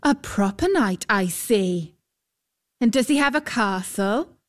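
A woman's voice: high-pitched, big pitch swings, takes it slowly, voice pushed up, full character voice. A woman voicing an insolent, fiery teenage water-nymph girl with a mocking, cheeky way of talking. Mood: teasing.

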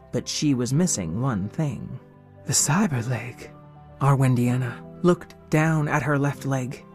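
Expressive storybook narrator over music. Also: medium pitch. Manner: expressive, dramatic reading with whispered moments.

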